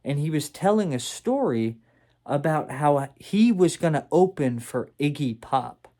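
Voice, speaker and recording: A man's voice: a little high, expressive, a little slow, warm tone. A young man telling a story to camera in casual, rambling talk, self-deprecating, with many fillers and restarts, in a room at home. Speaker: vlogger.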